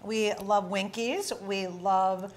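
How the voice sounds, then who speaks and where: A woman's voice: medium pitch, fairly even intonation, slow pace. A woman with an Upper Midwest American accent hosting a casual cooking chat, bantering and tasting food. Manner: chatty, laughing tasting banter. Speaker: host.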